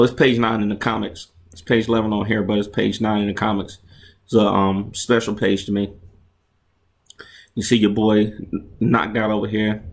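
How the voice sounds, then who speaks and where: A man's voice: lowish voice, creaky. A man casually narrating and explaining his own comic book, chatty and enthusiastic, often restarting his sentences and acting out sound effects.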